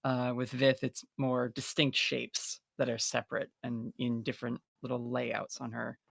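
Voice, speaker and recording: A man's voice: mid-range voice, completely flat delivery, moderate pace, gravelly, fairly bright tone, dry recording, studio quality. A player in a tabletop game, a man describing his character at length in a rambling, filler-heavy way.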